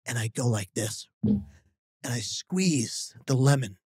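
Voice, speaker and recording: A man's voice: mid-range voice, slow, husky, dry recording, studio quality. A man, a podcast guest telling a funny story with acted-out quotes. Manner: animated storyteller, acting out quotes.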